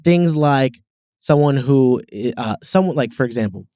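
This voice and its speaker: A man sharing a story in casual podcast chat before asking the others what they think. His voice is mellow and warm. The sound is close and dry. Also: medium pitch, expressive, normal speed, no room sound. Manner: storytelling, asks the group questions.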